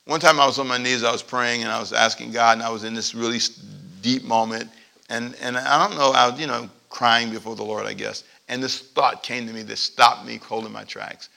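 A male pastor preaching a sermon in church, swinging from loud emphatic points to quiet asides and calling on the congregation to repeat after him. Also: medium pitch, a little fast, creaky. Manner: lively preaching with call-and-response to the congregation.

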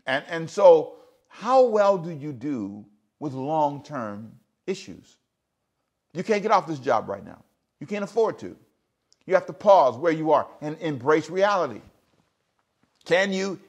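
A man in his thirties preaching a sermon as pastor, emphatic, with repeated words and sudden rising outbursts. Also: medium pitch.

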